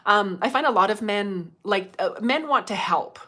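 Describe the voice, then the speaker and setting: A woman's voice: mid-range voice, lively intonation, moderate pace, bright, forceful tone. A middle-aged woman chatting casually on a livestream, laughing often and reading out viewer comments. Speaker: livestream host.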